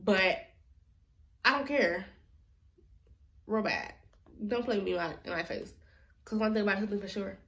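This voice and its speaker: A woman's voice: mid-range voice, measured pace, long pauses, fairly bright tone. A woman vlogger telling a personal story in a casual, chatty, slangy way.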